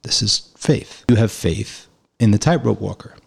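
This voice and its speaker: A man telling of a calm, wise old grandfather. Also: lowish voice, unhurried, gravelly, slightly rough, full character voice. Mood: calm, knowing.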